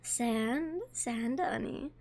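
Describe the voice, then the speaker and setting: A woman doing a soft doting mommy voice. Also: on the high side, very slow, pitched below the performer's own voice, heavily acted. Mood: soothing, doting. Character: soothing motherly woman saying goodnight. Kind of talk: bedtime voice role-play.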